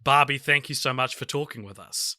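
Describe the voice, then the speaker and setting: A hoarse man with a New Zealand accent reading the lines of a polite female radio interviewer. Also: medium pitch, fairly quick, no room sound, studio quality. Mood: formal. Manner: reading a script flatly.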